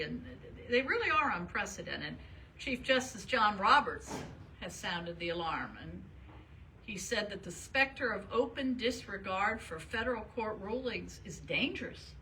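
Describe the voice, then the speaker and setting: A woman's voice: mid-range voice, bright, forceful tone, a little hiss or hum, low-quality recording. An older woman from the northern United States, giving a chatty, self-deprecating talk and answering audience questions with frequent laughs. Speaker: retired state supreme court justice, guest speaker.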